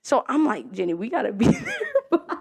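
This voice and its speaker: A young woman hosting a podcast, telling a story in casual chat, animated and profane, laughing often. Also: a little high, brisk, gravelly, breathy edge. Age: young adult. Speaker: podcast host.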